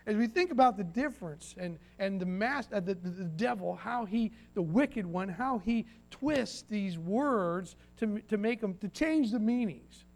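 A preacher man with a high-pitched voice delivers a folksy sermon. He slips into little acted quotes and restarts his sentences often as he talks to his congregation. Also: animated, unhurried, vocal fry, hardly any pauses. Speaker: pastor.

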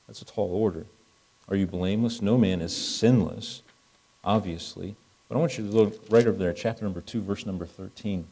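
A man's voice: lowish voice, fairly quick, mellow, breathy edge, poor audio. A middle-aged man preaching a sermon in a conversational way, acting out dialogue as he goes.

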